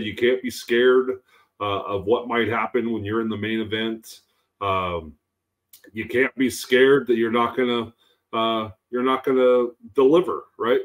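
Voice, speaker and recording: A man co-hosting a podcast in casual chat, rambling with many fillers and tag questions. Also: medium pitch. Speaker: podcast co-host.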